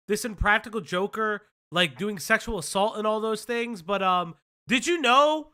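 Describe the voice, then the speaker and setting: A woman's voice: medium pitch, expressive, moderate pace, bright, forceful tone. A woman hosting a commentary stream, talking bluntly and swearing often. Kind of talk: casual commentary.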